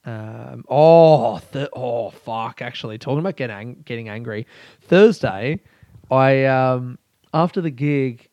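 A man's voice: medium pitch, slow pace, darkish tone, no echo, lo-fi sound. A young man, a comedian rambling through a casual solo podcast, swearing and ranting in mock anger. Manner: rambling, sweary, mock-angry with bursts of laughter.

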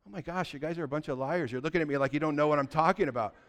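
A middle-aged man preaching a sermon as pastor, conversational and animated, full of rhetorical questions. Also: a little high, rapid-fire.

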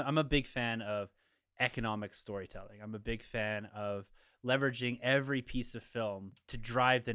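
A man on a podcast panel, giving a measured, analytical review of a film in casual conversation. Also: mid-range voice, a bit bright.

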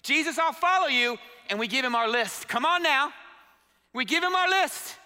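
Fervent high-voiced male preacher. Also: animated, normal speed, sharp tone. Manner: fervent call-and-response preaching. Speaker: pastor. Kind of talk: sermon. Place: church sanctuary. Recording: long hall reverb.

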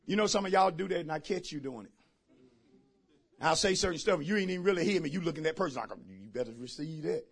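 A male pastor, preaching a sermon in call-and-response style and moving from hushed storytelling to shouting. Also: sits high, fast, creaky, breathy edge.

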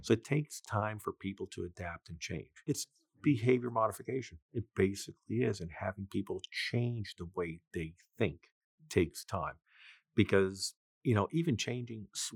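A man telling stories as a guest in a casual interview, animated, his pitch jumping when he gets excited. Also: gravelly, husky, no echo, studio quality.

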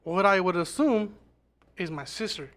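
A man with a high voice tells a spooky story from his childhood in loose podcast chat. He rambles, swears freely and keeps restarting his sentences. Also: animated, normal speed, a bit bright. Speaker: podcast guest. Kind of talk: casual storytelling.

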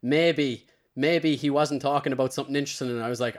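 A man's voice: medium pitch, steady tone, brisk. A man, a podcast guest telling a rambling story in casual chat, swearing freely and muttering his own past remarks under his breath.

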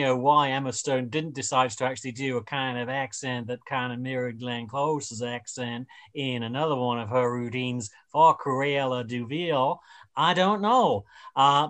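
A man's voice: mid-range voice, fairly even intonation, normal speed, a bit bright. A man hosting a radio panel chat in a rambling way, with many fillers and restarts. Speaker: radio show host.

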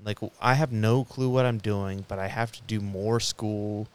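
Low, smooth-voiced man telling a profane story. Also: fairly even intonation, normal speed, a little mellow. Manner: profane, rambling storytelling with frequent restarts. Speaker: podcast co-host. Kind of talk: casual round table chat.

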